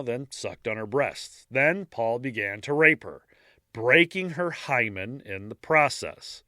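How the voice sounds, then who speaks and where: Male podcast co-host telling a case casually with wry asides; bright voice, dry close sound. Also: medium pitch, no echo. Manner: reads case details, breaks off for dark jokes. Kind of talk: casual true-crime narration.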